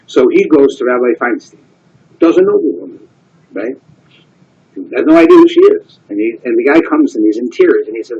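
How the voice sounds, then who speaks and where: Man, rabbi, Torah class; husky mid-range voice, earnest and conversational, muffled lo-fi recording. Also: medium pitch, mellow. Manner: earnest, conversational, often asks "right?".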